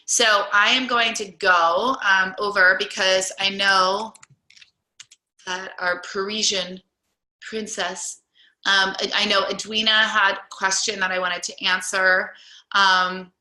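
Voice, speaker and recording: A woman's voice: medium pitch, flat delivery, slow, bright, forceful tone. A woman coaching a group on a call, chatty and encouraging, with many fillers. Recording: roomy echo.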